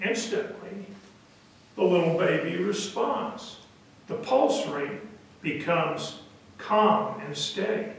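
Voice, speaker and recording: A man preaching who tells his story in a slow, deliberate way and pauses on a filler now and then. His voice sits fairly high. The sound carries a heavy church echo and comes from well back from the mic. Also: expressive, vocal fry. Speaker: pastor. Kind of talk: sermon storytelling. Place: church sanctuary. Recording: echoey church from a distance.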